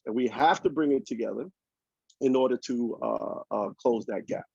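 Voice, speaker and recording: Fervent husky man on a dull call line. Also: medium pitch, normal speed, darkish tone, no room sound. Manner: fervent, asks rhetorical questions. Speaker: panelist. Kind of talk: impassioned panel talk. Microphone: video call.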